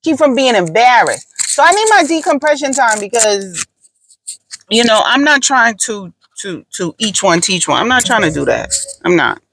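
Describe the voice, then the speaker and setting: A woman's voice: a little high, sing-song, normal speed, fairly bright tone, low-quality recording. A woman hosting a podcast, talking in a casual, blunt and profane way, with emphatic storytelling. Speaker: podcast host.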